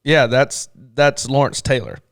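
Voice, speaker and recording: Smooth-voiced man hosting a podcast. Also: mid-range voice, measured pace, no room sound, clean studio sound. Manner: relaxed, interviewer asking questions. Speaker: podcast host. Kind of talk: casual podcast chat.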